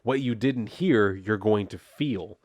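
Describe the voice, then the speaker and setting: A man voicing a stern, calm immortal man in a comic recap, speaking in a measured, commanding way. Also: fairly low pitch, no room sound.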